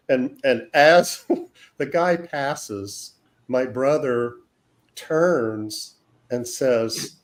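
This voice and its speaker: A man hosting an art livestream, telling a long rambling anecdote in casual chat. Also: medium pitch. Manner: slow, rambling anecdote teller.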